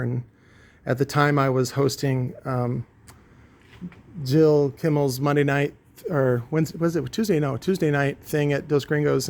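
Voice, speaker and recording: A man who owns a shop, rambling and ranting through a one-take vlog, swearing freely as he goes. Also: mid-range voice. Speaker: shop owner vlogging. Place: his shop.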